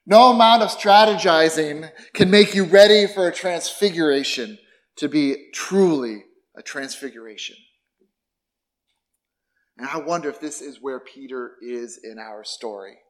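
A middle-aged man preaching a sermon as pastor, conversational and expressive, with rhetorical questions and wry asides about himself. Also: a little high, a little slow.

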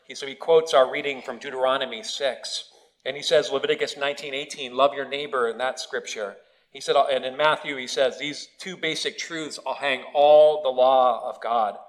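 A male pastor reads scripture and then preaches in an easygoing, conversational way. His voice sits at an ordinary middle pitch. He is recorded in a church sanctuary. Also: steady tone, moderate pace, low-quality recording. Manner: conversational preaching with family anecdotes. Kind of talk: sermon.

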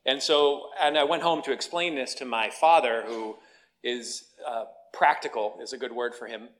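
A man's voice: medium pitch, fairly even intonation, moderate pace, a bit bright. A middle-aged man, a pastor, giving a sermon in a conversational storytelling way with self-deprecating humour.

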